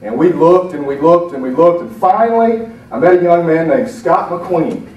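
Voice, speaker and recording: A middle-aged man from Alabama giving an animated, self-deprecating storytelling talk to a conference audience. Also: on the high side, moderate pace, recorded from a distance, muffled recording. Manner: animated, self-deprecating, acts out quoted voices. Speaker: motivational speaker. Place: conference breakout room. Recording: echoey hall, speaker off-mic.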